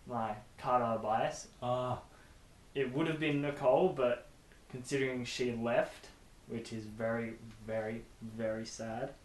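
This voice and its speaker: A young man vlogs from his bedroom with posters on the walls, chatting to camera in a rambling way with self-deprecating asides. His mid-range voice is steady and measured, and the room sounds echoey with faint hiss.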